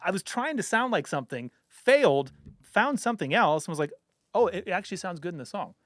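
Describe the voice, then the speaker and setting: Higher-voiced man explaining, dry sound. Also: big pitch swings, fairly quick, a bit bright, no echo. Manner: explains with examples, many "you know what I mean" asides. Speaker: bass player and music teacher. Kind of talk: casual podcast chat.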